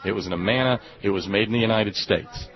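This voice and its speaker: Gravelly male radio guest, halting delivery with fillers, dull recording. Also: fairly low pitch. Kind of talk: casual radio interview talk.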